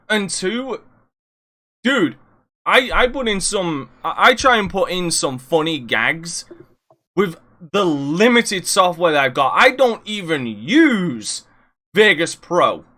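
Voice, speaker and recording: Podcast guy, kinda high bright voice, rambly and sweary, cracks up laughing a lot. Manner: rambling, swears freely, breaks into loud laughter. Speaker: podcast host. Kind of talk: casual podcast chat.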